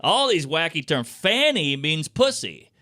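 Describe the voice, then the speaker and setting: A man's voice: fairly high pitch, sing-song, unhurried, sharp tone, no echo, clean studio sound. A man co-hosting a podcast in casual comedic chat, riffing and putting on voices for the people he quotes. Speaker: podcast co-host.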